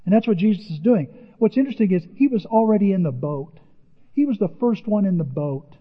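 An older man with a rather high voice delivers a sermon from the front of a church, speaking a little fast and in an animated way, leaping up in pitch whenever he acts out a quoted line. The sound is muffled and lo-fi, with a long hall reverb trailing each phrase.

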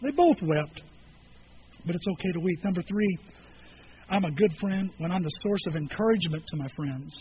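A pastor preaching a sermon and telling stories, acting out conversations with different voices. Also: male voice, high-pitched, lively intonation, normal speed, pauses often, lo-fi sound, slight background noise. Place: church.

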